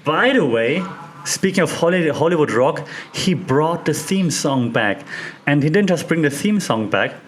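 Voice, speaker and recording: A man who is a media professor, giving excited, animated commentary, laughing often as he talks and coughing now and then. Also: on the high side, a little slow. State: occasional cough. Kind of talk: enthusiastic commentary.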